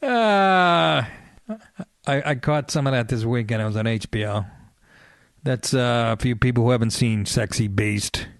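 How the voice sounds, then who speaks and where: A middle-aged male comedian hosting his podcast, ranting in a profane, sarcastic and excitable comic monologue. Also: medium pitch, a little slow, dry recording, clean studio sound.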